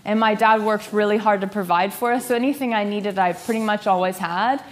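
A young woman telling a personal story in a lively, laughing way, acting out the voices of the people she quotes. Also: mid-range voice, fairly quick. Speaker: speaker sharing a personal story. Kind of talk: storytelling talk.

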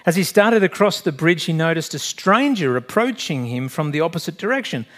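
Earnest male preacher, slightly high voice. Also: animated, fairly quick, a bit bright. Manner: earnest, direct, asks the congregation questions. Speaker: pastor. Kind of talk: sermon.

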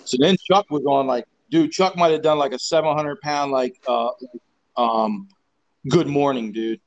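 A man in his forties, a strength coach, telling rowdy gym stories full of swearing and restarts. His voice sits a little high for a man as he rambles on and leans into each punchline. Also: normal speed, muffled recording. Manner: profane, rambling, animated storyteller. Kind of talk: casual storytelling interview.

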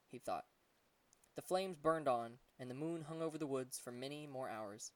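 A man's voice: medium pitch, normal speed, no room sound, distant mic. Man narrating a story, set back from the mic. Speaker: audiobook narrator. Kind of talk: scripted narration.

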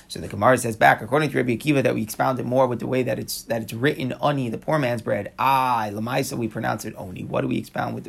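A man explains a page of Talmud at a brisk clip, slipping Hebrew and Aramaic phrases into casual English. His voice is strongly gravelly and husky, with a worn, rough edge. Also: mid-range voice. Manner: quick, conversational, mixes Hebrew and Aramaic terms. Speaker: Talmud teacher.

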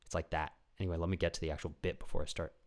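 A man's voice: low-pitched, rapid-fire. A young man hosting a podcast in a casual, rambling comedic monologue, swearing freely and acting out voices of people in his stories. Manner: rambling, animated, swears a lot, acts out voices. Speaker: podcast host.

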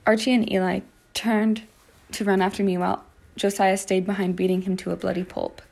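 A woman reading her own first-person story aloud, with dramatic delivery. Her voice is dark and mellow with a gravelly fry, and she sometimes restarts a phrase. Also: medium pitch, flat delivery, fairly quick.

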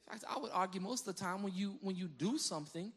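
A man's voice: high voice, quick pace, breathy edge. A man preaching a conversational sermon as pastor, telling stories animatedly, laughing often and restarting his phrases. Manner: animated storyteller who breaks into laughter; repeats words as he restarts phrases.

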